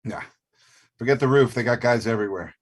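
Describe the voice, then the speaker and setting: Guy reading a chill tough-guy cop, husky, casual, comedy play reading. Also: medium pitch, a little fast, close to an everyday voice. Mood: reassuring. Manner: casual, laid-back, protective. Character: tough, reassuring action-hero cop.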